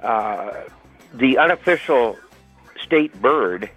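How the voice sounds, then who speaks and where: A man's voice: medium pitch, lively intonation, slow, a bit bright, faint music behind. An older man calling into a radio talk show, rambling and hesitant with many fillers, heard over a phone line. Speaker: caller. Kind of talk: phone-in call.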